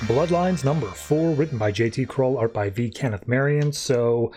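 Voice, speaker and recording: Male podcast host, middle pitch, casual comic recap, chatty, filler words. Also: normal speed, over loud music. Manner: retells scenes breezily, with lots of "uh" and "like".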